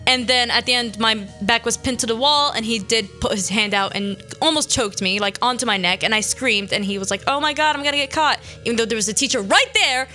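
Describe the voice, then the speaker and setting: A woman's voice: on the high side, a little fast, few pauses, sharp tone, faint music behind. A teenage girl from Syria hosting a small radio show, chatting in a rambling way with lots of fillers. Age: teens. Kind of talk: casual chat.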